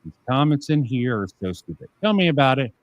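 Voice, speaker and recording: Mid-pitched man, streamer reading and scoffing at comments, sarcastic, dry dead sound with no room, casual commentary. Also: big pitch swings, fairly quick, dry recording. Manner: sarcastic, reads comments aloud and rebuts them. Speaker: streamer host.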